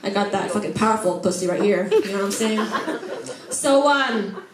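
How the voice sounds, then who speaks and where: A woman's voice: mid-range voice, animated, normal speed. A woman stand-up comedian doing a set on a comedy club stage, brash and profane as she teases the crowd. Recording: echoey club with background noise.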